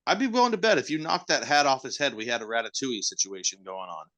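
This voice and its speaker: A man with a bright, forward voice co-hosts a podcast. He trades wry, profane jokes in relaxed chat with his friends. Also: medium pitch, quick pace. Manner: joking, wry banter with profanity. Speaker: podcast co-host. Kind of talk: casual chat.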